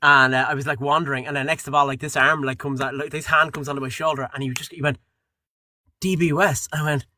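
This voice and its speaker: Bright-voiced Irish man telling stories. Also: medium pitch, quick pace, hardly any pauses, no room sound. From Ireland. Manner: animated storyteller, acts out quotes, swears casually. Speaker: guest voice actor. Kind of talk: casual interview chat.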